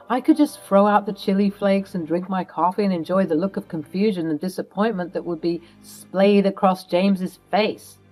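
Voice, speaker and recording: A woman's voice: fairly low pitch, a little mellow. Dramatic woman reading a story. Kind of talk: scripted first-person story narration. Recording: faint music behind.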